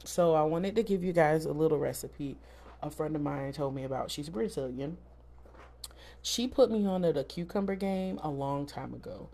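A woman's voice: low-pitched, normal speed, warm tone. A woman in her thirties from South Florida, hosting a casual solo podcast in a candid, chatty, emphatic way. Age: 30s. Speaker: podcast host.

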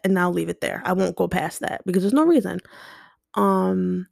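Gravelly-voiced young woman venting bluntly. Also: lowish voice, moderate pace, a little mellow, no room sound, clean studio sound. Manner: blunt and emotional, frequent swearing. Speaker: podcast host. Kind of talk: unscripted personal monologue. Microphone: home podcast mic.

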